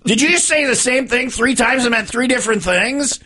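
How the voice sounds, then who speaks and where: High, bright, husky male co-host, joking banter. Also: brisk. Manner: joking, playful. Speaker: radio show co-host. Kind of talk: casual banter.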